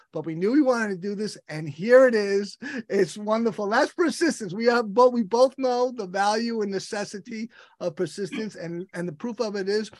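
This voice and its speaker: A man's voice: high-pitched, no room sound, clean studio sound. A man hosting an interview, enthusiastic and rambling, with many restarts as he introduces his guest. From United States. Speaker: podcast host.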